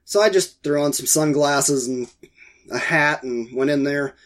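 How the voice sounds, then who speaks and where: A man's voice: a little high, measured pace, fairly bright tone. Congested man telling a story. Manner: rambling, exasperated storytelling. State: congested with a head cold. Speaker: podcast co-host. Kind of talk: casual chat.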